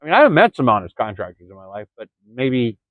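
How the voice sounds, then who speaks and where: A man's voice: mid-range voice, big pitch swings, fast talker, no room sound. A man in a rambling vlog monologue, stumbling over words and calling his listeners "folks.". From Florida. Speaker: vlogger. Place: early morning, indoors or near the camera. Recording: dry, dull lo-fi sound.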